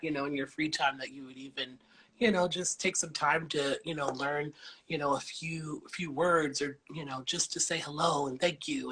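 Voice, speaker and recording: A woman's voice: low voice, fairly bright tone, husky. A woman hosting a live video call interview, bubbly, with lots of fillers. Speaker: interview host.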